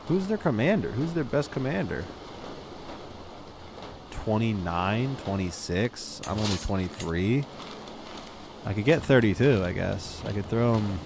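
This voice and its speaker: A young man streams himself playing a strategy game, commenting casually and muttering to himself, then flaring up to yell at his units. His voice is lowish, the background is noisy, and game music plays underneath.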